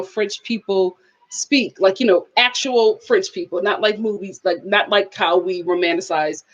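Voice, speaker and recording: A woman giving a candid, chatty review of a reality TV show on her YouTube channel, often breaking into laughter. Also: mid-range voice.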